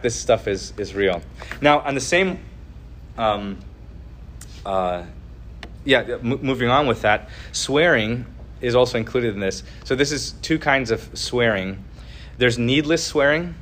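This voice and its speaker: A man gives an earnest, casual religious talk, stopping and restarting as he thinks aloud. His voice sits at an ordinary middle pitch. A faint hiss runs under the recording. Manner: earnest, halting, many fillers and restarts. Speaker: podcast host teaching on the Ten Commandments.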